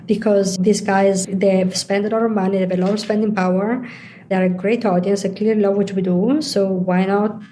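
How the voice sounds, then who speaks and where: A woman's voice: medium pitch, steady tone, normal speed, dark tone, slight background noise. A middle-aged woman, a guest in an interview, explaining her points at length with examples. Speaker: interview guest, digital executive. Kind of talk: conversational interview.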